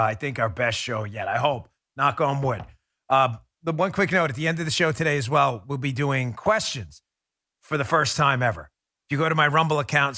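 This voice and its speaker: Bright-voiced male talk host. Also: medium pitch. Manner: brisk, emphatic talk-radio delivery. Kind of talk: political talk show.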